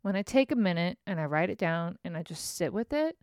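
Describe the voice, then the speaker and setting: A woman's voice: lowish voice, lively intonation, brisk, a little mellow, no room sound, studio quality. Profane, rambling woman venting candidly. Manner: profane, frank and self-mocking; rambling, laughing through her words. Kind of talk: candid personal rant.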